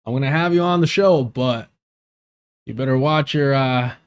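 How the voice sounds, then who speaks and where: A man's voice: medium pitch, moderate pace, clean tone, lightly acted. A man imitating a bossy male friend, speaking in an American Southern accent with a folksy, lecturing drawl.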